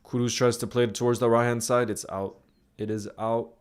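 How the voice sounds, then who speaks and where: A man hosting a live football watchalong stream, talking in a loose, chatty way. He rambles, trips over words and restarts often, at a mid-range pitch. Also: little pitch movement, fairly quick, clean tone.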